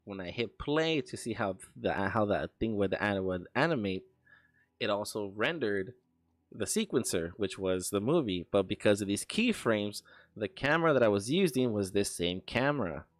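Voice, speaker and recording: A man's voice: lowish voice, animated, moderate pace, dry recording, studio quality. A young man streaming while he works on an animation, chatting casually, rambling, laughing and swearing as he tells stories.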